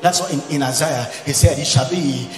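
A male pastor preaching a fiery sermon, quoting old-style scripture and at times shouting and speaking in tongues. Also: a little high, brisk, music in the background. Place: large church event hall. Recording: echoey hall recording.

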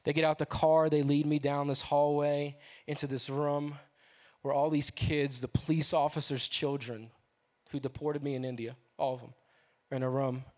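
A young man tells a testimony in a lively, slangy sermon. His voice sits a little high for a man, and he speaks easily, as if talking to friends from the stage. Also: normal speed. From New Orleans, USA. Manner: casual, slangy, animated storytelling. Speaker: guest speaker.

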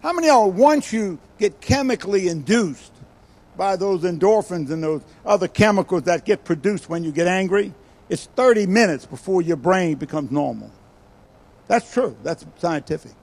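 An older man preaching a sermon as a guest speaker, telling stories with animated bursts and quiet asides. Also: high voice, normal speed. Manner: animated storytelling, acts out quoted voices with sudden loud bursts and quiet asides.

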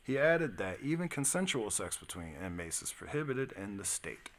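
A man's voice: on the low side, very animated, moderate pace, fairly bright tone. A man hosting a live stream, reading news articles aloud and breaking off into blunt, slangy reactions. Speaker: streamer host. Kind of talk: casual live-stream commentary.

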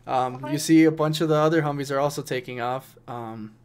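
A man's voice: medium pitch, steady tone, fairly quick, a little mellow, clear, resonant tone. A man narrating as game master in a casual tabletop game, rambling and swearing as he describes the scene.

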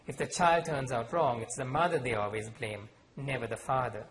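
A man's voice: mid-range voice, normal speed, natural voice. A man reading aloud, voicing a mother who gives firm, clipped orders. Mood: stern. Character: firm mother, brisk and uneasy.

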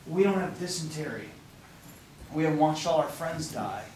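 The tour guide's voice is hoarse and worn, a little high in pitch yet darkish in tone, and he speaks expressively at normal speed with a preacher's fervor. He's recorded outdoors from afar, with heavy echo and faint noise.

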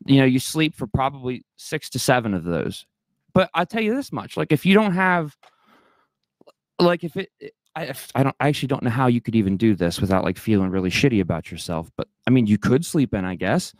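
A man's voice: medium pitch, very animated, a little fast, dry recording. A man ranting heatedly as a livestream guest, swearing a lot and restarting his sentences. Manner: profane, agitated, rambling with many restarts.

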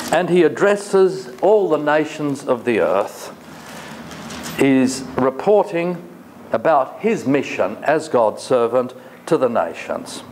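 A man's voice: medium pitch, big pitch swings, slow pace, a little mellow, slight background noise. A man lecturing a college class, asking the students questions and paraphrasing the text for them. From Australia.

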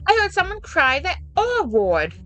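A woman voicing a fussy, prim female kindergarten teacher who talks in a shrill, scolding way. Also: huge pitch swings, unhurried, bright, forceful tone, heavily acted.

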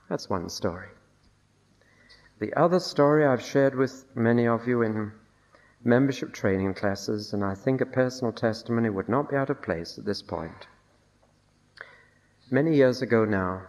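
Older preacher, wry storytelling. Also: male voice, lowish voice, darkish tone. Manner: wry storytelling, dry humor. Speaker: Bible teacher. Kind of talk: sermon with personal testimony.

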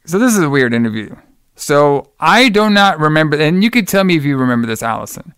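Male podcast host, smooth clear voice, dry close sound, loose rambling chat full of swearing. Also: on the high side, very animated, fast, a bit bright, no echo. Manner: rambling, laughing, swears freely.

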